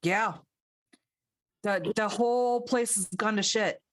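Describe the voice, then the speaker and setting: A woman performing improvised comedy, blunt and deadpan in her questions. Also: mid-range voice, slow. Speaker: improv player.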